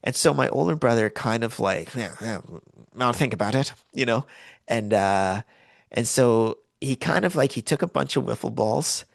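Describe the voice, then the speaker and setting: Animated middle-aged man telling stories. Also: mid-range voice, normal speed, vocal fry, no room sound. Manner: animated storyteller, acts out voices in quotes. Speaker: podcast co-host. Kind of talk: casual storytelling chat.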